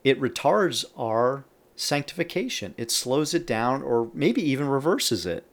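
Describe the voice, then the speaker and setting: A man's voice: mid-range voice, big pitch swings, a little slow. A man giving a Bible teaching on a podcast. He reads scripture aloud with added emphasis and stops to comment between verses. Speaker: podcast preacher.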